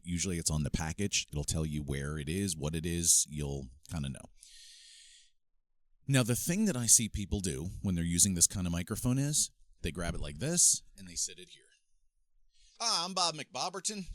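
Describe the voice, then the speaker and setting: A man with a low-pitched voice coaches speakers on microphone technique in a casual, step-by-step instructional video demo, with no echo. He works from a home studio with a mixing board, switching between handheld microphones.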